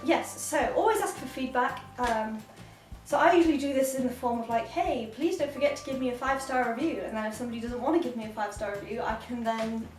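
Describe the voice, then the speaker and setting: Chatty high-voiced woman, roomy sound. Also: fast, darkish tone. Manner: chatty, giggly, playful asides to a cat. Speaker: cat sitter giving advice. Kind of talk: casual vlog advice. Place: indoors at home with a cat. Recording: roomy, slightly distant, faint music.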